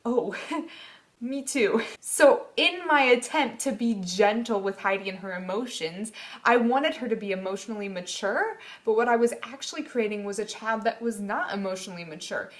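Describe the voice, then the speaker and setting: A woman's voice: mid-range voice, lively intonation, moderate pace. A young woman talking casually to camera about parenting, earnest and reflective. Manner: earnest, reflective, acts out her own past reactions. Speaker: mother vlogging about parenting. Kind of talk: casual personal talk to camera.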